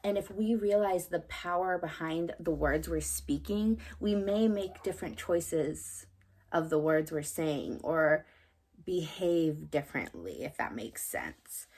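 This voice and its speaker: A woman's voice: low voice, animated, takes it slowly, a little mellow. A young adult woman vlogging casually about spiritual ideas, rambling with lots of fillers and frequent tag questions.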